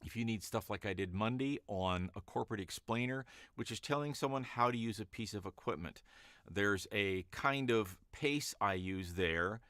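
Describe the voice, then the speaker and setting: A man who works as a voice-over artist, chatting casually and rambling in a vlog, lifting his voice brightly on greetings, recorded on a studio microphone in his home broadcast studio. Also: fairly low pitch, normal speed, no room sound.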